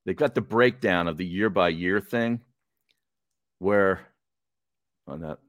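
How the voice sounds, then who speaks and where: A man hosting a sports talk show, laid-back and quick to agree. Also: deep voice, a bit bright, no room sound, studio quality. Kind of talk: casual sports radio chat.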